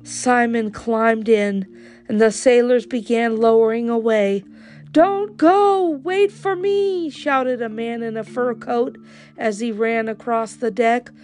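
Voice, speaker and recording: A woman reading a children's storybook aloud in a slow, expressive way. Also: fairly high pitch.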